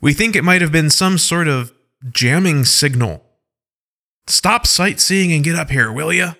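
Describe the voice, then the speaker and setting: Man doing a brisk commanding starship captain. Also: on the high side, lively intonation, sharp tone, heavily acted. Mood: urgent. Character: brisk spaceship captain on the radio.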